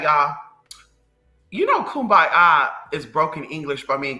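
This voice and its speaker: A livestream host ranting casually to viewers in a sassy, profane, animated way. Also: medium pitch, normal speed, rough recording. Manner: animated storytelling.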